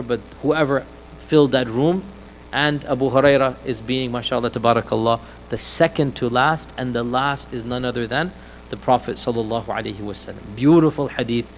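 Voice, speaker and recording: A male preacher giving an Islamic lecture, retelling a hadith in an animated storytelling way and acting out the quoted lines. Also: medium pitch, slight background noise, low-quality recording. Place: mosque hall.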